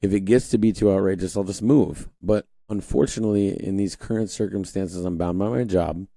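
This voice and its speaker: A man's voice: low-pitched, fairly quick, gravelly, mellow, no echo, studio quality. A young man hosting a casual political commentary monologue, rambling with restarts and mocking voices when he quotes others. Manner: conversational, rambling with frequent restarts and fillers. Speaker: podcast host.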